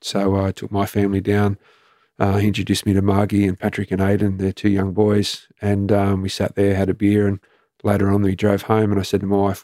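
A middle-aged Australian man speaks in a low, flat voice with a rough, gravelly edge. He tells his story as an interview guest, matter-of-fact and halting. The sound is close and dry. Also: no echo. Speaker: former police commander, guest.

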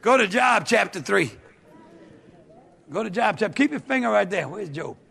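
A male pastor delivers an emphatic sermon and drives home each point through repetition. His voice sits very high and sounds bright, with a gravelly, fry-laden edge. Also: lively intonation, normal speed.

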